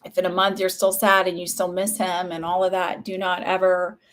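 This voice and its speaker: A woman talking casually on a livestream as a psychic medium, chatty and warm, with lots of "like" fillers. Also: fairly low pitch, completely flat delivery, a little fast. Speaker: psychic medium hosting live readings.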